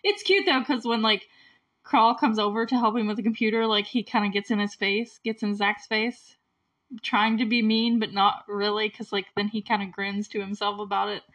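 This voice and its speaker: A young woman hosting a podcast, recapping a film in casual solo chat, full of "like" and "you know" and quick laughs. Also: medium pitch, fairly even intonation, fairly bright tone. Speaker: podcast host recapping a movie.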